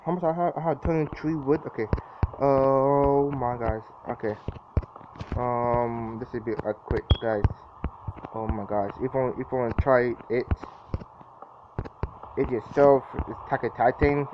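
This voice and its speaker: A man's voice: medium pitch, fairly even intonation, measured pace, long pauses. Jittery young man narrating gameplay, lo-fi mic. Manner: jittery, exclaims often, repeats himself. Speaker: gameplay commentator. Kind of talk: casual gameplay commentary. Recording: dull lo-fi mic with clear background noise.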